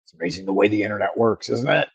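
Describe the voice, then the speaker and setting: A man's voice: lowish voice, racing, creaky, breathy edge, no room sound. A man hosting a livestream, chatting casually in a rambling, profane, joking way. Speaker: livestream host. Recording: dull lo-fi microphone sound.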